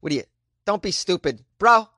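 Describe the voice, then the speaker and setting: A man voicing a brash Boston bro with an exaggerated Boston accent, talking loud and blunt. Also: high voice, lively intonation, moderate pace, dry recording, studio quality, pitched above the performer's own voice. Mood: annoyed.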